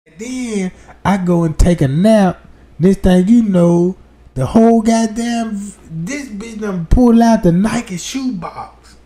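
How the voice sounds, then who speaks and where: High pitched dude on a livestream ranting a filthy funny story, loud then muttering. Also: male voice, slow. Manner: animated, crude, swings between loud outbursts and muttered asides. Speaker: livestream host. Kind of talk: profane comedic storytelling rant.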